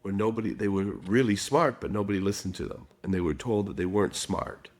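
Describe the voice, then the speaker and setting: A man's voice: lowish voice, a little fast. A middle-aged man, a guest expert in a podcast interview, telling stories and acting out quotes. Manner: storytelling with acted quotes.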